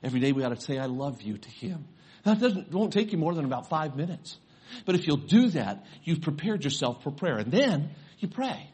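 An older male pastor delivers a sermon in a slightly high, husky voice. He moves from quiet, personal storytelling to fervent, emphatic preaching. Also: sing-song, brisk.

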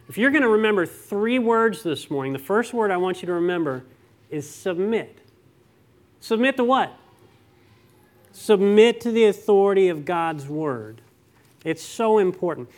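A man preaching a sermon, reading scripture and then talking conversationally to the congregation with rhetorical questions and stories. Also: high voice.

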